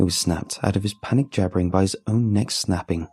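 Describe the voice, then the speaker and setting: A man narrating a first-person horror story in a steady, measured way. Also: deep voice, breathy edge, soft background music.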